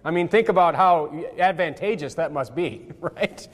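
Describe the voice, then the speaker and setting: Male preacher, high voice, chatty and animated, long hall echo. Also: moderate pace. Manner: animated, acts out quotes, frequent fillers. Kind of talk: casual Bible-study sermon.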